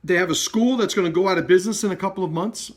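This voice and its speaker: A man's voice: high voice, rapid-fire. A man who runs a martial arts school, ranting bluntly and swearing freely in a live video. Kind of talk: blunt, profane direct-to-camera rant.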